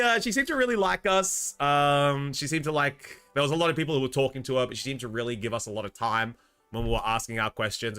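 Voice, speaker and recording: This streamer is a young man with an Australian accent whose medium-pitched voice sounds pushed and bright, with a clean tone. He talks casually on his livestream, wandering through topics and reading out messages from chat.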